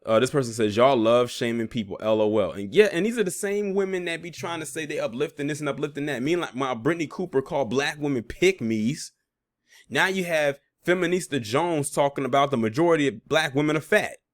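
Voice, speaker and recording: A man's voice: fairly high pitch, expressive, brisk, no echo. A man reading out social media posts and reacting with sarcastic, laughing asides, as host of a commentary channel.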